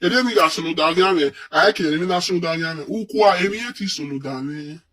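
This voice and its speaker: A man's voice: fairly high pitch, quick pace, sharp tone, recorded from a distance. An actor with a Nigerian accent playing a distraught man who pleads and argues, then wails a chanted lament in a Nollywood film. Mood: pleading. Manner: pleading and quarrelsome, later wailing a chanted lament.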